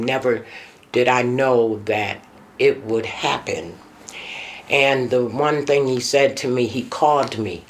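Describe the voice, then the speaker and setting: A middle-aged woman, the mother in a documentary interview, reminiscing emotionally with her pitch sometimes rising sharply.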